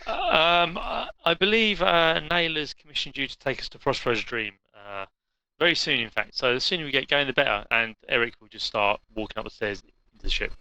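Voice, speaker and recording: A man's voice: mid-range voice, animated, a little fast, gravelly, bright, forceful tone, no room sound, lo-fi sound. A man taking part as a player in a tabletop role-playing game, speaking for his character. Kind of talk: casual role-play chat.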